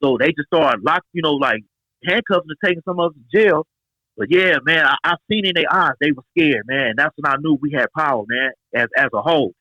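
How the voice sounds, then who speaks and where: A man's voice: a little high, brisk, dry recording, low-quality recording. A man in his forties from Los Angeles, telling street stories as an interview guest and acting out the quotes. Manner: animated street storytelling, acts out quotes. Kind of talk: casual storytelling interview.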